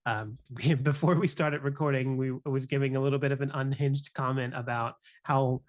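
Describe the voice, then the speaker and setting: Young man, mid-pitched voice, earnest, reflective, casual podcast conversation. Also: steady tone, brisk. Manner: earnest, reflective, peppers speech with "you know" and "right?". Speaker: music teacher and podcast co-host.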